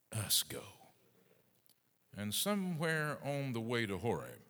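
A middle-aged male pastor preaching a sermon, swinging between booming emphasis and hushed asides. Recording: long reverb of a large hall.

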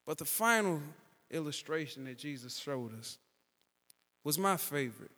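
High-voiced preacher in a big hall. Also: male voice, moderate pace, pauses often. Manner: animated storyteller, swells louder and higher at climaxes. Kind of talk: sermon storytelling.

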